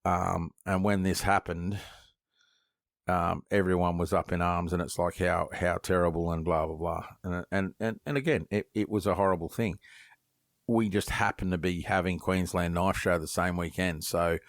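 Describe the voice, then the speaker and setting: A very low-pitched Australian man chatting as a podcast guest, spinning stories, swearing freely and acting out what other people said. The sound is dry and close, with no room around it. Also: normal speed, no echo. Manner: lively storyteller, swears freely, acts out quoted voices; many false starts and repeated words. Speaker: guest knifemaker. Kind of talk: casual podcast interview.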